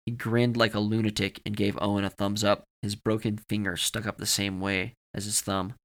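A man's voice: lowish voice, level tone, moderate pace. A man narrating a horror story for a podcast with dramatic, varied delivery.

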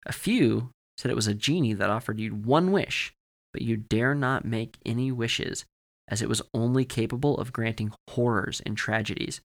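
A man narrating a scripted horror story for a podcast in a measured, steady way. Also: medium pitch.

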